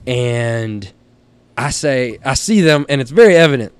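Man, Texan accent, podcast guest, storyteller, blunt, salty humor, laughs while talking, clear smooth voice, dry studio sound. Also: mid-range voice, unhurried, no echo. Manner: animated storyteller, laughs through his tales, blunt and salty. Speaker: guest, helicopter hunting outfitter.

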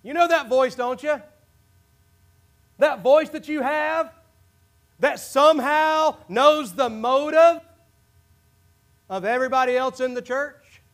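In a church sanctuary, what sounds like a service before a congregation, a pastor with a very high voice preaches passionately. He takes it slowly with long pauses, alternating near-shouted declarations with hushed, low asides.

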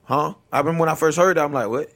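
A man's voice: on the high side, steady tone, racing, gravelly, a bit bright. A man with a Florida accent in casual chat, rambling and slangy, saying "bro" a lot.

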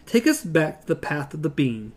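A reader voicing a small, fearless young woman who speaks firmly and bluntly, with lively pitch. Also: moderate pace. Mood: defiant. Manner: firm, plain-spoken.

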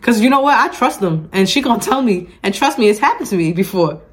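A woman's voice: medium pitch, very animated, fairly quick. A woman co-hosting a casual chat podcast, talking emphatically and repeating her points to drive them home. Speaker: podcast co-host.

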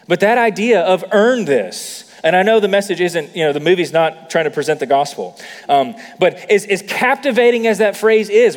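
A man's voice: high-pitched, in a large hall. A man preaching a sermon as a pastor, conversational with many fillers, building to emphatic peaks.

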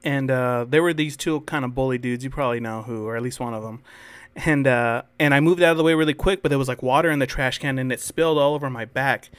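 A man's voice: mid-range voice, fast talker, smooth, dry recording. A young man co-hosting a podcast, telling school stories in a rambling, swear-filled casual chat. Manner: rambling storyteller, swears freely. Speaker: podcast co-host.

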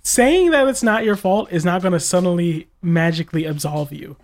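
A young man who does tech support for schools chats casually on a podcast, telling exasperated stories about callers and quoting them in mocking voices. His voice sits high, at a normal speed.

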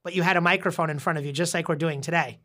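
A woman's voice: low-pitched, steady tone, rapid-fire, fairly bright tone. A woman hosting a casual podcast, patiently explaining and quizzing a young guest, often restarting her words. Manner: frequent repeated restarts. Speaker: podcast host interviewing a young child.

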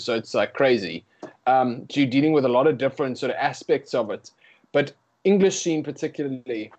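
A man's voice: mid-range voice, highs cut off. A young man with a South African accent, a guest musician chatting casually in an interview, slangy and easygoing. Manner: laid-back and chatty, slangy.

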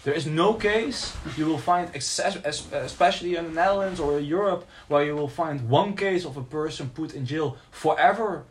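A man's voice: a little high, normal speed, hardly any pauses, a little hiss or hum. A man co-hosting a podcast who challenges his partner's points in a casual debate, pressing with pointed questions. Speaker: podcast co-host.

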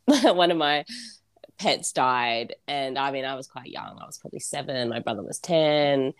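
A woman's voice: very deep voice, lively intonation, measured pace, clean tone, no room sound, clean studio sound. A woman co-hosting a podcast, talking casually with lots of "like" and easy laughs. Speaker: podcast co-host. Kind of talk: podcast conversation.

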